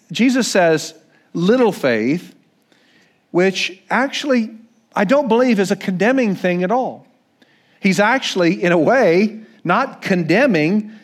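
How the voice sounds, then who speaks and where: A man preaching a sermon as pastor, earnest and conversational, with frequent restarts. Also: a little high. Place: church.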